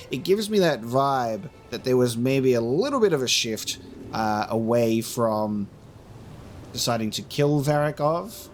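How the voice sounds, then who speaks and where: A man's voice: medium pitch, expressive, a little slow, soft background music. Chatty man musing over gameplay. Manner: chatty, rambling, musing aloud with fillers. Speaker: gameplay commentator. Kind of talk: casual let's play commentary.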